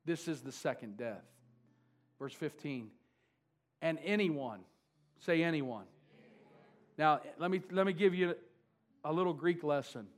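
A man's voice: on the high side, a little slow, long pauses. A man preaching a sermon, driving points home by repeating key words. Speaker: pastor.

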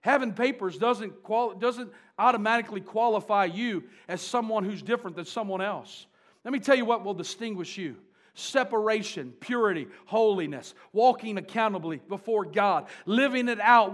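A high-voiced man preaching a sermon. He drives his points with fervent force and then drops into quieter, conversational asides. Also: normal speed.

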